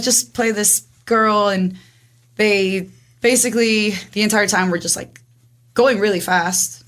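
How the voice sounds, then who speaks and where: A young woman in her twenties tells her story in a casual, talkative way. She acts out each exchange with quick voices and keeps dropping in "like". Her voice sits at a middle pitch. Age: 20s. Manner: rapid, animated, acts out dialogue with frequent "like". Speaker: guest.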